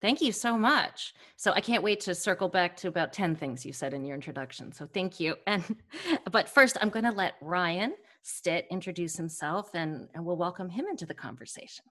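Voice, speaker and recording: A woman's voice: lowish voice, expressive, normal speed, fairly bright tone. A woman hosting a podcast interview, encouraging her guests and laughing often. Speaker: podcast host. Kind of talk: casual interview.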